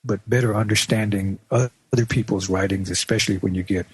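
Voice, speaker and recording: A man presenting an instructional radio segment, plain-spoken and measured, with small restarts as he explains. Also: lowish voice, fairly even intonation, husky, dry recording. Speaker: radio show presenter teaching.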